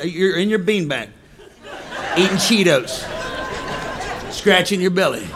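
A man preaching a comedic sermon to a live congregation, often shouting and mock-singing. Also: high-pitched, moderate pace, noisy background. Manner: animated, shouting, mock-singing and laughing between lines. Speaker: pastor. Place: church hall with a live congregation.

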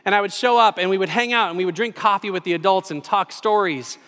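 A man in his forties delivers a sermon in a church sanctuary, his fairly high voice carrying a long hall reverb. He tells stories in an animated, self-deprecating way. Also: fast. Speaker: pastor.

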